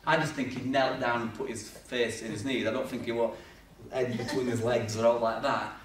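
Male preacher, animated storyteller, recorded from afar in a reverberant hall. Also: medium pitch, moderate pace, a little hiss or hum. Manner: lively storytelling with acted-out voices and humor. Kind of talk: sermon. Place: church hall. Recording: echoey church hall from far off.

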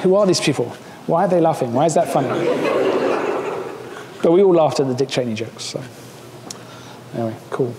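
Man, seminar speaker, chatty and wry, restarts a lot; roomy lecture-hall sound, faint rumble. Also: mellow. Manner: casual, joking, many fillers and restarts. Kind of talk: academic seminar talk.

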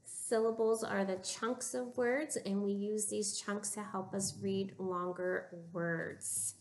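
Woman reading teacher, very slow, clear prompts, pauses for kids to answer, mid-pitched. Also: fairly even intonation, darkish tone, a little hiss or hum. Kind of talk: recorded phonics lesson for young children.

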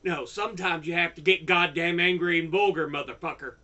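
An older man giving an angry political rant, heavily profane and bursting into shouts. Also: fairly high pitch, steady tone, a little fast, dull audio. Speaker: YouTuber.

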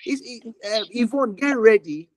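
A man's voice: extremely high pitch, expressive, measured pace, darkish tone, dry recording, poor audio. A man ministering prophetically over a call, declaring fervently with much repetition and sometimes dropping to a whisper.

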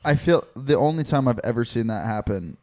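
A man's voice: medium pitch, expressive, a little fast, dark tone. Young man in defensive banter. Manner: defensive, mocking. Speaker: podcast co-host. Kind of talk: casual chat.

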